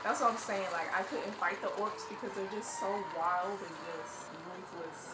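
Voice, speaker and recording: A woman reacting to a movie for the first time, excitable and slangy, gasping and laughing at what she sees. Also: mid-range voice, moderate pace, distant mic, heavy background noise. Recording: echoey room, set back from the mic.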